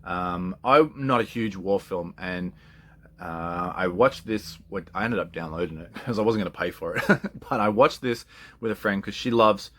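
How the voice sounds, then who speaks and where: A man's voice: low-pitched, normal speed, pushed and bright, slight background noise. A man chatting casually and with enthusiasm, often laughing and swearing freely. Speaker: collector. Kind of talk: casual chat.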